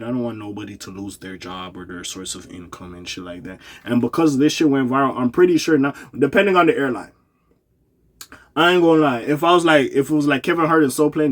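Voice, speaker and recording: A man's voice: medium pitch, fairly bright tone. A man giving casual opinion commentary in a loose, profane, slangy way with many asides.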